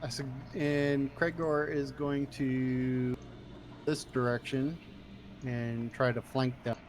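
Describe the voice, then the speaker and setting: A man playing a tabletop game, talking in an unhurried, hesitant way. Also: mid-range voice, flat delivery, slight background noise. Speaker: player.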